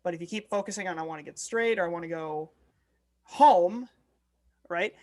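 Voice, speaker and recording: A man's voice: high-pitched, normal speed, darkish tone. Teasing man co-hosting a podcast. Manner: joking, teasing, then earnestly explaining. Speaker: podcast co-host. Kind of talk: casual podcast chat.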